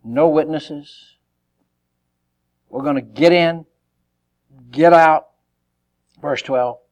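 Lively male preacher who acts out scripture and jokes, with a higher pitch and a swinging delivery. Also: slow. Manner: lively, joking, acts out quotes. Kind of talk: sermon.

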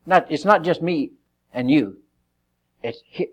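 Guy preaching a sermon, kinda high voice, jokey, acts stuff out. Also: takes it slowly, muffled recording. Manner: lively, joking, acts out quotes.

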